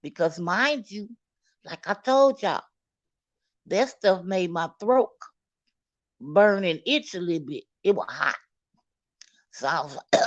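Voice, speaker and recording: Slow, candid woman telling a story. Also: fairly low pitch, expressive, no echo, highs cut off. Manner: candid, dramatic, cursing, addresses viewers directly. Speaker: storyteller vlogger. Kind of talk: storytime recounting.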